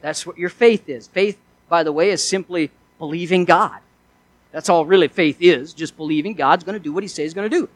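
A man's voice: fairly high pitch, brisk, no echo, rough recording. A male pastor preaching a sermon in an earnest way, asking his listeners one rhetorical question after another.

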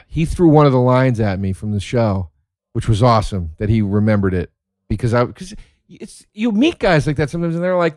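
Man, comedian, casual storytelling, profane, excitable, laughing, dry recording. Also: mid-range voice, moderate pace, no echo. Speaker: stand-up comedian.

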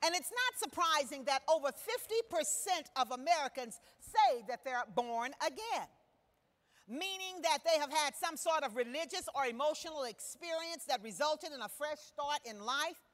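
A woman preacher with a high-pitched, animated voice delivers a sermon to her congregation at a moderate pace, her style emphatic and full of questions. She is in a church sanctuary, and the recording carries the long reverb of a large hall.

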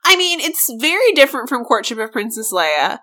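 Woman co-host, chatty and enthusiastic, fairly high voice, bright and very lively. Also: fairly quick. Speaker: podcast co-host. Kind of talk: casual book-club chat.

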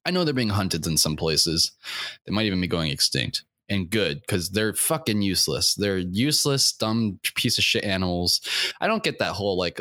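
A man's voice: deep voice, animated, a little fast, bright, forceful tone, no echo, clean studio sound. A young man hosting a comedic rant, rambling with many fillers, crude and profane, getting worked up as he goes. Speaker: podcast host.

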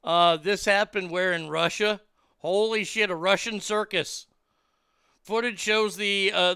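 High-voiced, bright, profane male commentator. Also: smooth, dry recording, studio quality. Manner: profane, blunt and rowdy; loud excited reactions to video. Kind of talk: unscripted commentary.

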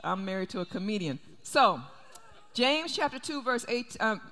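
A woman's voice: fairly high pitch, big pitch swings, normal speed, a bit bright. Emphatic woman preaching in an echoey hall. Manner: emphatic, repeats key phrases. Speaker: pastor. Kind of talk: sermon. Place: church sanctuary.

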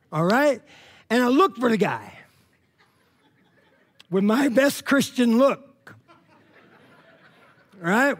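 Male pastor, high lively voice, storytelling sermon, chatty and animated. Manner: animated, acts out dialogue with swings in pitch and loudness; conversational, frequent "all right?" and "you know what I mean?".

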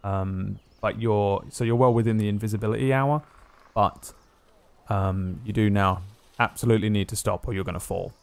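Guy running a tabletop game, kinda low voice, laid back with lots of ums. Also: normal speed, gravelly. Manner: relaxed, rambling with many fillers. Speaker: game master.

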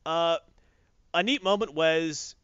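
A man chatting casually about a movie, acting out quotes in quick voices. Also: a little high, a bit bright, smooth, no echo, dull audio. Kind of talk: casual chat, movie review.

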